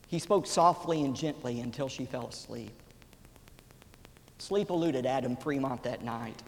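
A man in his forties preaching a sermon as a pastor, telling a story with drama, swelling loud and then dropping to a whisper. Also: medium pitch, a little slow, creaky. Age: 40s. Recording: reverberant hall, faint background noise.

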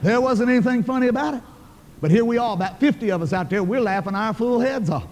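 An older man preaches in a brisk, high-pitched voice. He tells his story in a folksy, emphatic way, and his words ring out in a large, echoing hall. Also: lively intonation, darkish tone, slight background noise. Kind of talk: sermon storytelling.

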